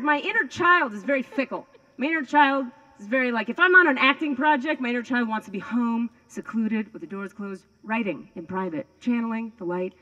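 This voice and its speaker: A woman's voice: mid-range voice, sharp tone, lo-fi sound. A woman doing stand-up comedy outdoors on a lawn, rambling, swearing and mocking herself. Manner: rambling, profane and self-mocking. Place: outdoors on a lawn before a crowd.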